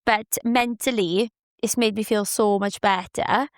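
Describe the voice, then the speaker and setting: A chatty, cheerful woman hosts her own podcast in a relaxed, friendly flow, often breaking into laughter. Her voice is close and dry, with no room sound, and sits at an everyday middle pitch. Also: a little slow, dry recording. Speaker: podcast host. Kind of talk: casual solo podcast chat.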